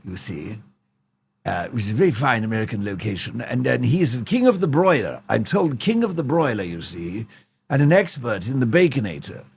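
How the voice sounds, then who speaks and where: A man's voice: mid-range voice, gravelly, husky, pitched below the performer's own voice, heavily acted. A man putting on an impression of a plummy, pompous older king who rambles and keeps trailing off with "you see". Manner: pompous, ends phrases with a drawn-out "you see".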